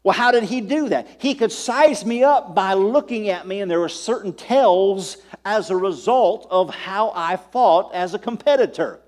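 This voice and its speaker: High-voiced preacher delivering an emphatic sermon. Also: male voice, expressive, unhurried, hardly any pauses, a little mellow. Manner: preaching with rising, emphatic call-outs. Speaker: pastor.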